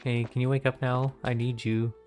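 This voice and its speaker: A man streaming a video game, chatting casually and reacting playfully out loud to what happens on screen. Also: mid-range voice, little pitch movement, moderate pace. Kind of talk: casual gameplay commentary. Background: game music.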